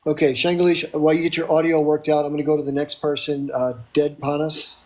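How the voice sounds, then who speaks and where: A man's voice: fairly high pitch, flat delivery, fast talker, a little mellow. A man hosting a live stream, cutting off an angry caller and calling up the next in line. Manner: firm but apologetic, managing callers. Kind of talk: moderating call-ins.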